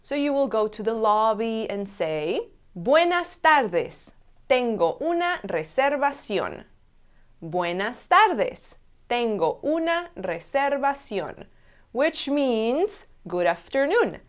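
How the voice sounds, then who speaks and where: A woman teaching a language lesson, saying each travel phrase slowly and clearly and repeating it. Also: on the high side, very animated. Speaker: Spanish teacher.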